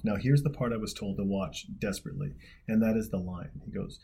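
Low, husky man rambling through reaction commentary. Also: fairly quick, mellow. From Montana, USA. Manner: rambling, profane, jokey, trails off in restarts. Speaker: video host reacting to a film.

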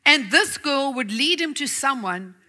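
A middle-aged woman preacher tells a personal story to her church in a high, very bright voice. She chats warmly, laughs often and mocks herself in asides. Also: expressive, measured pace. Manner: chatty and laughing, self-mocking asides. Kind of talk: storytelling sermon.

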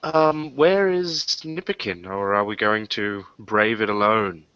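A man narrates a tabletop game as its game master, jokey and halting, stopping on fillers as he sets each scene. His voice is bright and forward, and the sound is dry with no room around it. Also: fairly low pitch, clean tone, dry recording, highs cut off.

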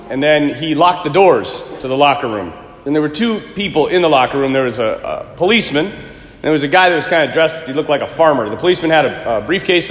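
A man preaching a sermon, telling a story in a lively, conversational way and acting out the quotes. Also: on the high side. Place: church. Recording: echoey church with long reverb.

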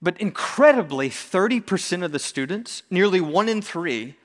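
A man preaching a sermon in a conversational, animated way with touches of humor. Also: high-pitched, moderate pace, in a large hall. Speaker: pastor.

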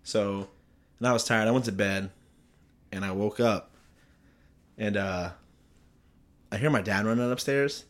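A man's voice: fairly low pitch, a little slow, long pauses. A young man telling a story in a casual chat, rambling, swearing and often laughing as he talks.

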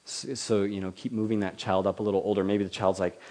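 A man preaching a sermon in a lively manner, swinging between loud declarations and soft, quiet asides, then leading a prayer. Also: lowish voice, fast talker. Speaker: pastor.

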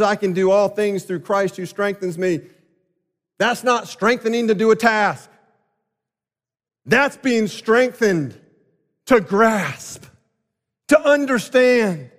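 A male pastor delivering a sermon, emphatic and swinging between loud and quiet passages. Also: mid-range voice. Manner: emphatic, rising and falling delivery. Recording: long hall reverb.

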